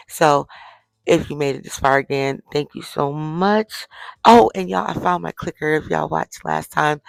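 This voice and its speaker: Winding down for bed at home, a middle-aged vlogger tells her viewers a chatty story about her day. She has a low-pitched, gravelly voice, heard through a dry, rough recording.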